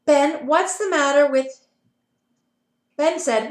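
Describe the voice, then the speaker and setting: With a high voice that echoes around the room, a woman who teaches playschool reads children a picture book on a video call at a moderate pace. She breaks off now and then for lively asides.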